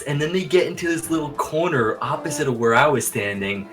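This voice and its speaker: A man's voice: on the high side, lively intonation, a little fast, a bit bright, faint music behind. A man co-hosting a podcast in casual chat, rambling through a story and swearing constantly. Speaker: podcast co-host.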